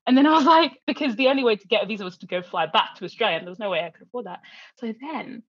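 A woman guest telling a long story in casual chat, animated, laughing often and acting out the people she quotes. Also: fairly high pitch, rapid-fire, slightly rough, no echo, dull audio.

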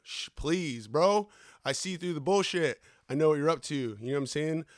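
Profane ranting podcast host, higher-voiced man. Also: quick pace, no echo, clean studio sound. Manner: profane, ranting, sarcastic, heavy slang. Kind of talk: profane rant.

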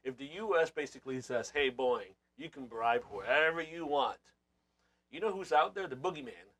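A man's voice: mid-range voice, a bit bright. A man co-hosting a podcast panel, musing and thinking aloud as he builds his point. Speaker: podcast co-host.

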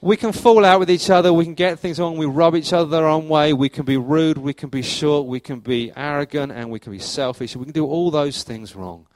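Animated male preacher, dry close sound. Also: fairly quick, hardly any pauses, no echo. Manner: animated storytelling, acts out anecdotes with jumps in pitch and volume. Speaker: pastor. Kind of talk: sermon.

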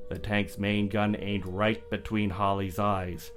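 A man narrating a children's story in a lively, animated way. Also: fairly low pitch, slow pace, faint music behind.

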